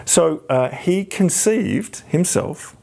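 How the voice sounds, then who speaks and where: A man hosting a podcast, telling stories in a casual, animated way and acting out the people he quotes. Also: fairly high pitch, slow pace, gravelly. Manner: animated, acts out quoted voices. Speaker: podcast host. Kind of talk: casual storytelling chat.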